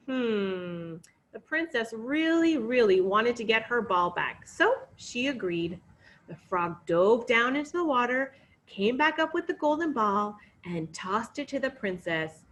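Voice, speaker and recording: A woman telling a fairy tale to children, expressive and coaxing, inviting them to join in. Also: a little high, slow pace. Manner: expressive, coaxing, sing-song. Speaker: children's storyteller. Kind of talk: interactive read-aloud for children.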